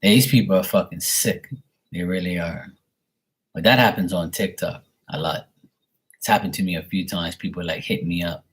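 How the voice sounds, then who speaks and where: A man's voice: deep voice, normal speed, fairly bright tone, slightly rough. A man ranting casually and bluntly as a tarot reader from Bermuda, swearing freely and mocking scammers in their own voices.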